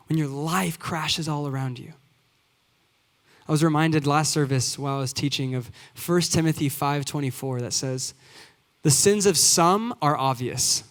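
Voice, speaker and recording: A man in his twenties, a youth pastor preaching a sermon in earnest, building to emphatic repeated phrases. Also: a little high. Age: 20s. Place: church sanctuary. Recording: long hall reverb.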